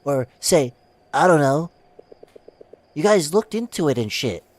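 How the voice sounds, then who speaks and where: Guy doing a blunt friend from a game, a bit higher voice, swings up and down a lot, teasing and skeptical. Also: big pitch swings, measured pace. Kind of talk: reading game dialogue aloud.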